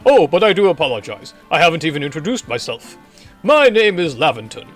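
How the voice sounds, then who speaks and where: A man's voice: on the high side, sing-song, a little fast, a bit bright, soft background music. A man doing a fussy, genteel professor, old-fashioned and polite. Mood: chatty. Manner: old-fashioned courteous phrasing, fretful.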